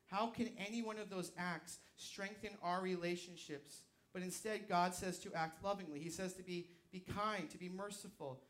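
A male pastor preaching a sermon, swinging from loud, emphatic shouts to quiet asides, with a live object lesson on stage. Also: sits high, steady tone, moderate pace, hardly any pauses.

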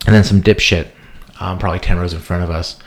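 A man's voice: sits low, fairly even intonation, fast. A man in his thirties telling a long, rambling, profane story as a podcast co-host. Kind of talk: casual storytelling chat.

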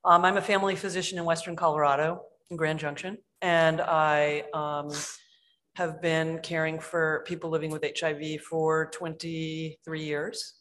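A woman family physician speaks on a conference panel in a friendly, easygoing way. Her voice is very low for a woman. She talks into a microphone in a hall. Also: level tone, normal speed, fairly bright tone. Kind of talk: panel discussion.

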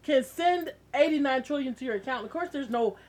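A woman's voice: high voice, lively intonation, a little fast, darkish tone. A woman guest on a podcast, insistent and argumentative in casual chat.

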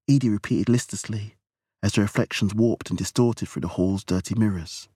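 Male narrator for audiobook, very low voice, dry close recording. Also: moderate pace, darkish tone, breathy edge, no echo.

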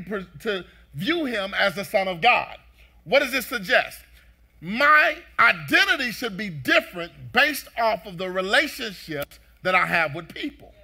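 A man's voice: sits high, sharp tone. A male pastor preaching a sermon with fervent, repeated emphatic phrases, speaking straight to his congregation.

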